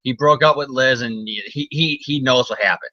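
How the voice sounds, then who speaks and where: A man's voice: medium pitch, normal speed, pushed and bright, no echo, lo-fi sound. A man co-hosting a casual comic podcast, recapping stories with jokes, silly voices and swearing.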